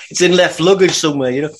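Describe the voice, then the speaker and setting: A man's voice: on the high side, slightly rough. A man with a Geordie accent, chatting casually and joking on a podcast. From North East England. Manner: jokey, lively, laughs often. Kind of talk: casual chat.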